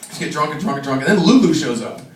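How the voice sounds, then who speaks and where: A young man tells loose, rambling stand-up stories on a small bar stage, his high voice swinging all over the place. He chuckles at his own lines. The sound is roomy and picked up from a little way off the mic. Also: lively intonation, fast talker. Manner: rambling storyteller, acts out friends' voices, laughs at own jokes. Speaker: stand-up comic. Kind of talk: stand-up comedy set. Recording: echoey live room mic, from a distance. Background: crowd laughter.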